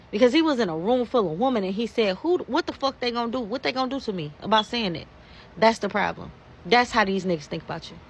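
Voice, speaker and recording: Heated, profane woman with a gravelly voice. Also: high voice, a bit bright. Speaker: social media commentator. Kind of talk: angry ranting monologue.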